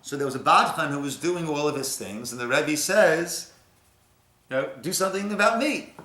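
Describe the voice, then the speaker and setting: A man's voice: a little high, normal speed. Man teaching in an echoey room. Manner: storytelling, swings from soft to emphatic. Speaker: rabbi. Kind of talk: Torah class discussion. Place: synagogue room.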